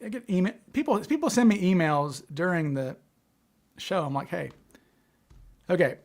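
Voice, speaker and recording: A man with a fairly high-pitched voice chats casually as the host of a livestream. He stutters often, repeating words and restarting his sentences as he thinks aloud. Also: big pitch swings, normal speed, darkish tone.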